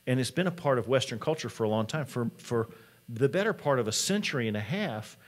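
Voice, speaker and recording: A man's voice: mid-range voice, expressive, a little fast. A man, a college president, giving a conference talk in a conversational storytelling manner.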